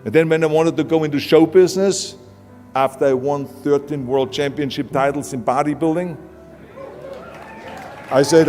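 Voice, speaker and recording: A man's voice: a little high, steady tone, moderate pace, long pauses, darkish tone. A man from Austria with an Austrian accent giving a blunt, emphatic motivational speech in a large hall. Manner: emphatic, blunt, plain-spoken. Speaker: motivational speaker. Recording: hall reverb with music underneath.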